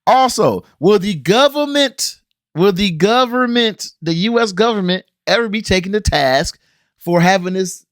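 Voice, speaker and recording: A man's voice: high voice, expressive, unhurried, no room sound, clean studio sound. A man from the Cincinnati area ranting bluntly and animatedly in a casual review vlog, with slangy, exasperated asides. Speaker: show reviewer and channel host.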